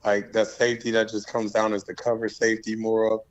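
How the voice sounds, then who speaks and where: A man, a former player as guest, in casual chat, his voice hoarse and worn from yelling, speaking in a laid-back drawl. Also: on the low side, monotone, a little fast, lo-fi sound.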